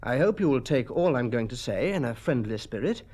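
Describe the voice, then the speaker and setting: A stern army colonel and uncle with a quick temper, as a storybook reader puts him on. He speaks mildly but with firm authority, his voice moving lively up and down. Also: medium pitch. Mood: earnest. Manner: mild, then commanding.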